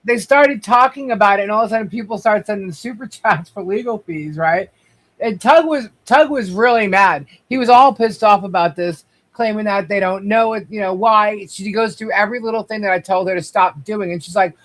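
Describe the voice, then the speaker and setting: A woman's voice: fairly high pitch, animated, moderate pace. Indignant woman guest, live stream chat, piles up grievances in repeated lists. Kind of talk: heated live stream talk.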